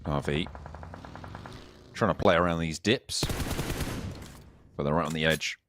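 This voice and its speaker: A man doing live play-by-play for an esports match, calling the action in rapid bursts and laughing easily with his co-caster. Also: rumbling low, a bit bright, a little hiss or hum.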